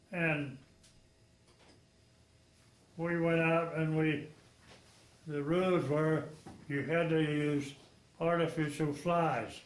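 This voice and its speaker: A man's voice: fairly high pitch, reverberant. A man in his nineties, a World War II veteran from Texas, telling frank, rambling stories in an oral history interview. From Texas, United States. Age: 90s. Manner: rambling, frank storytelling with chuckles.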